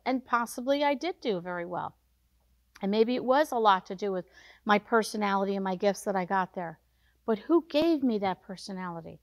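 A woman's voice: medium pitch, animated, moderate pace, no room sound. A woman hosting a devotional podcast, speaking earnestly and urging listeners with repeated short commands. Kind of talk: devotional talk.

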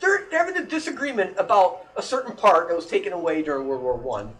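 A man's voice: high-pitched, lively intonation, quick pace. A man hosting a casual podcast chat, ranting animatedly and swearing a lot.

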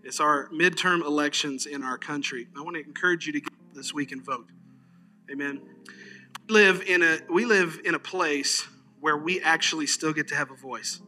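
A man's voice: a little high, normal speed, faint music behind. A male pastor preaching a conversational sermon, telling stories and often saying "amen.". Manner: conversational, animated storyteller, frequent "amen". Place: church service.

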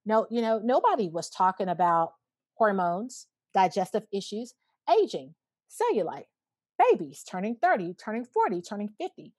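A woman's voice: medium pitch, very animated, normal speed, darkish tone, dry recording. Earnest woman in her thirties, dry close sound. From Alabama, USA. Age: 30s. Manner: earnest, reflective, speaks in bursts with frequent "you know". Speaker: podcast guest. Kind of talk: casual conversation.

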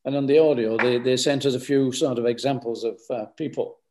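A male author from the north of England chats as a guest in a casual interview, his medium-pitched voice steady, brisk and a little mellow. He rambles and often repeats words.

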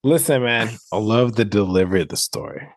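A man hosting a casual chat, reacting loudly, swearing and cutting in. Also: on the low side, animated, fairly quick, creaky, dry recording.

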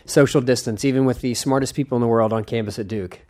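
A man's voice: mid-range voice, steady tone, fast talker, dark tone. Eager rambling young male podcast host. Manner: eager, rambling, self-correcting, laughs often. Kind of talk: casual interview chat.

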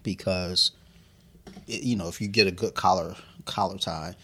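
A man's voice: low voice, steady tone, moderate pace, sharp tone, breathy edge. A man in his thirties in casual chat, profane and laughing as he tells stories, a little drunk.

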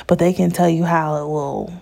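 A woman's voice: on the low side, steady tone, normal speed, gravelly, warm tone. A young woman telling a personal story in a candid, chatty way, often laughing as she talks. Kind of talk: casual storytime monologue.

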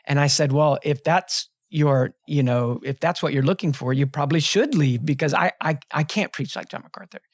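A man's voice: fairly high pitch, normal speed, hardly any pauses, no echo, clean studio sound. A man in his fifties, a pastor, talking on a podcast in an earnest, reflective way with frequent restarts. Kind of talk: podcast conversation, telling a personal story. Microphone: close studio mic.

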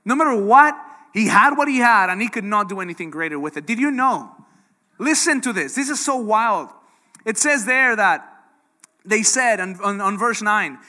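A man preaching a sermon in a lively, conversational way, often asking the audience questions. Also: high-pitched, moderate pace, in a large hall. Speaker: pastor.

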